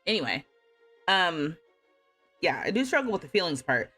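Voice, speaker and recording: Lively, bright-voiced woman streamer. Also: lowish voice, moderate pace, faint music behind. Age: 30s. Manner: chatty storytelling, often laughing and mimicking her cat. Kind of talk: casual livestream chat.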